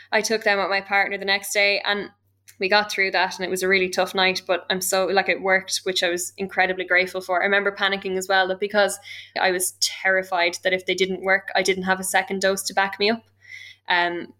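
A young woman with an Irish accent tells her own story in a candid, emotional way. Her voice is bright and forceful, and her pitch sits in an ordinary middle range. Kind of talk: personal account.

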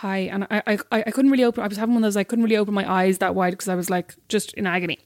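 A young woman with an Irish accent, telling stories with animation and a teasing edge. Her pitch is middling. The recording is dry and close-miked. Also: racing, no echo. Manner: animated anecdote teller, teasing. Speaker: podcast co-host. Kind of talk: casual chat, storytelling.

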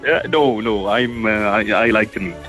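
A man's voice: fairly low pitch, normal speed, fairly bright tone, rough recording. A Dutch man calling in to a radio show, friendly and agreeable, often repeating his words. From Netherlands. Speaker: caller. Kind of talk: casual phone-in chat. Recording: faint music behind the call.

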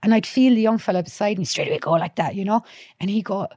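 A woman's voice: mid-range voice, fast, no room sound, studio quality. A woman with a Dublin accent, a podcast guest and youth worker, chatting casually and telling stories with acted-out quotes and blunt swearing. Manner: lively storyteller, acts out quotes, swears freely. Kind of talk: casual chat.

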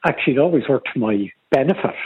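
Irish guy phoning in to a radio show, chatty storyteller, husky, sounds like a phone. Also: mid-range voice, lively intonation, fast talker. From Ireland. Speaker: radio caller. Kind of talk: casual phone-in chat. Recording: tinny phone line.

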